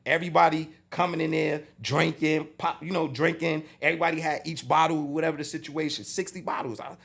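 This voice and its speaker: A man with a New York accent telling a story in a casual interview, swinging from low mutters to loud outbursts. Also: fairly even intonation, fairly quick, vocal fry, breathy edge. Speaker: interview guest.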